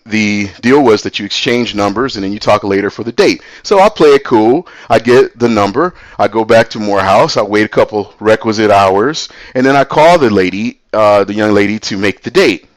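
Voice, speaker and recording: A man's voice: mid-range voice, dry recording. Man casually telling a campus story. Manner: animated, voices other people in quotes.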